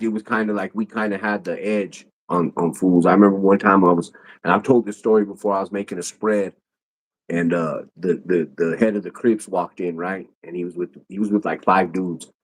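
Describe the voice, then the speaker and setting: A man's voice: deep voice, steady tone, normal speed. A man who is a podcast guest, telling stories casually in loose, rambling street slang. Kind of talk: casual storytelling.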